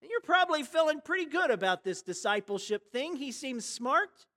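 A pastor delivering a sermon in a chatty, storytelling manner. The voice leans on rhetorical questions and swings from quiet, hushed lines to loud, dramatic ones. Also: sits high, sing-song, normal speed.

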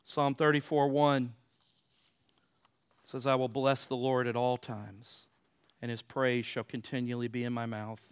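A man preaching a sermon, moving between loud emphatic passages and quiet, low stretches. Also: level tone, unhurried, pauses often, smooth. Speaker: pastor.

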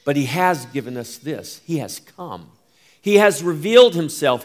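Pastor, male, slightly high voice, unhurried emphatic sermon delivery. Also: animated. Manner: slow, emphatic preaching with rising and falling delivery.

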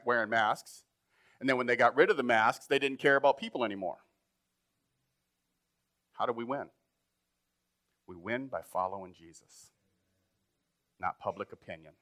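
A pastor preaching a sermon in a conversational way, building up to emphatic points. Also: male voice, mid-range voice, bright, forceful tone.

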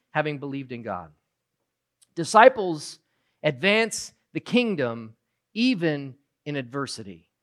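A preacher giving a sermon, moving from low, quiet reflection to loud, emphatic retelling of a story.

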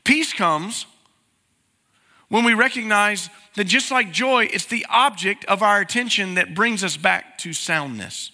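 A man's voice: high-pitched, unhurried, bright, forceful tone, in a large hall. A man, preaching a sermon as pastor and talking to the congregation with plain questions. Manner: conversational, asks the congregation questions.

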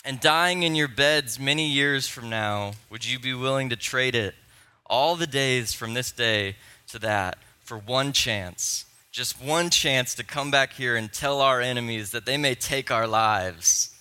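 A man voicing a defiant rebel war leader, giving a stirring shouted battle speech. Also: mid-range voice, unhurried, smooth. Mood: rousing.

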